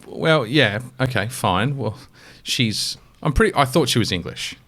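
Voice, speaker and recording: A man's voice: mid-range voice, expressive, measured pace, a bit bright. A man with an Australian accent co-hosting a podcast, rambling enthusiastically and swearing casually as he chats. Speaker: podcast co-host. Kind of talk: casual chat.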